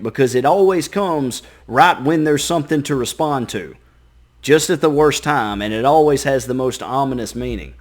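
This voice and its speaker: A man's voice: mid-range voice, animated, moderate pace. A man giving casual reaction commentary, chatty and acting out little inner voices. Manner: chatty, acts out inner voices, repeats himself. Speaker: reaction video host.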